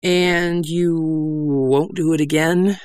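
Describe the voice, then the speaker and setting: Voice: steady tone, very slow, a little mellow, no room sound, clean studio sound. A reader voicing a timid male hymnal merchant who stammers and quavers in a nervous, aggrieved voice. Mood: squeaky frightened. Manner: quavering, high and hesitant.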